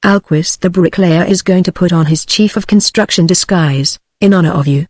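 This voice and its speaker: A woman's voice: lowish voice, moderate pace, a little mellow, dry recording, clean studio sound, natural voice. A synthetic British woman reading a fond male bricklayer. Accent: British English. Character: friendly male bricklayer, affectionate.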